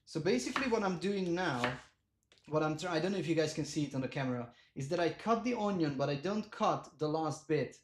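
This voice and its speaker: A man chatting casually on a live cooking stream, animated and self-mocking, laughing often and reading viewer comments aloud. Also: on the high side, fairly quick, background noise. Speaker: livestreamer.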